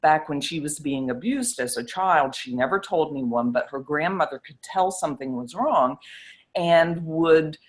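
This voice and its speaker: A woman's voice: sits low, moderate pace. A middle-aged woman, a psychiatrist, telling a story in an interview and acting out the quoted exchanges with animation.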